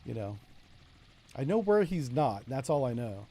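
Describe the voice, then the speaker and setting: A man's voice: mid-range voice, sing-song, measured pace, mellow, husky. Chatty man with a Florida accent. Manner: chatty, joking asides, talks to chat. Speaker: streamer. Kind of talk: casual gameplay commentary.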